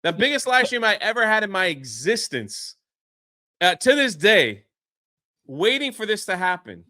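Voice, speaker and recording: A man telling a story as a podcast guest, excitable and quick to act out what others said. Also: high voice, no echo, studio quality. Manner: excitable, swears mildly, acts out quotes. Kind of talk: animated storytelling.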